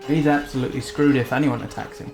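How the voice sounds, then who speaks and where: A man hosting a gaming channel, giving relaxed, chatty commentary on a computer strategy match. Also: mid-range voice, fast talker, creaky. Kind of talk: casual game commentary. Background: game music.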